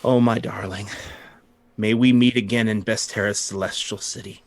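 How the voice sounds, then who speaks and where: A man voicing a stoic, grieving middle-aged noble lord in a tabletop game, speaking quietly and haltingly. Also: on the low side, fairly even intonation, vocal fry.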